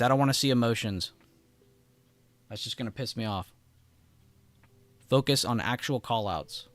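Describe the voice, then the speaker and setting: With a mid-range voice at normal speed and frequent pauses, and no room sound, a trading livestream host chats casually about the market. He talks directly to his chat and laughs often.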